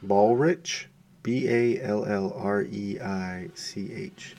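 Male co-host in his twenties, dark gravelly voice, dry close sound, blunt and teasing. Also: on the low side, steady tone, slow pace, dry recording. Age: 20s. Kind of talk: casual chat.

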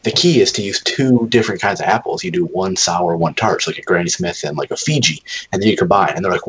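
A man's voice: deep voice, expressive, quick pace, few pauses, husky, low-quality recording. A young man chatting casually as a podcast co-host, telling rambling, profane stories. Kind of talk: casual chat.

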